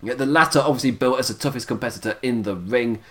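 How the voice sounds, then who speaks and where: Tired, with a voice that's giving out, a UK host reviews wrestling on a casual podcast, chatty and laughing often. He talks fast in a medium pitch.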